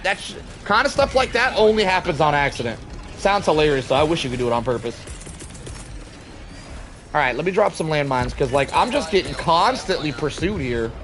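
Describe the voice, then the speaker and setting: Chatting with his audience during a live game stream, a young man jokes, swears, and reads viewer comments aloud. He has a fairly high, slightly bright voice, and game sounds come through clearly behind him.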